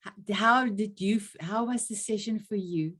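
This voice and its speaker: A woman's voice: medium pitch, moderate pace. Woman hosting a video call. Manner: effusive, warm thanks, frequent laughs and restarts. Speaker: online women's group host. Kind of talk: casual video call chat.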